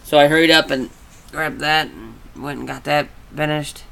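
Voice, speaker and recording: A man rambles through a casual vlog and gets animated when he retells stories. His voice sits a touch high and sounds bright and clear. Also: normal speed. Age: adult. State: congested from allergies. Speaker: vlogger. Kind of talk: casual chat.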